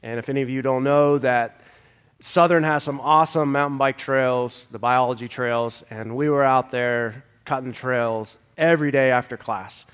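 A man's voice: medium pitch, fairly even intonation, normal speed, fairly bright tone, clear, resonant tone. Young man, pastor, sermon; nasal and congested, earnest delivery, long hall reverb. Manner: earnest, pleading, with fillers and restarts. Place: church sanctuary.

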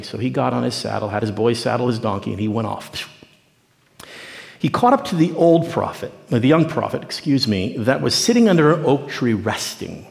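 A man's voice: medium pitch, expressive, moderate pace, gravelly, big-room sound. A man preaching a sermon, telling a story and acting out its people in dialogue. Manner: storytelling preacher who acts out the figures in dialogue. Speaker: pastor.

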